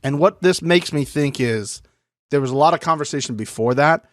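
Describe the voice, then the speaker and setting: A man's voice: fairly high pitch, normal speed, no echo, clean studio sound. A man co-hosting a podcast, chatting casually about a reality TV episode and joking as he acts out quotes in mock voices. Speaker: podcast co-host. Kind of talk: casual reality TV recap chat.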